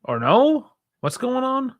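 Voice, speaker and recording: A man's voice: very high-pitched, wildly swooping pitch, slow. A young man hosting a football watch-along stream, chatting casually, reacting aloud with sighs and laughs and talking to his chat. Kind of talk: casual live match commentary.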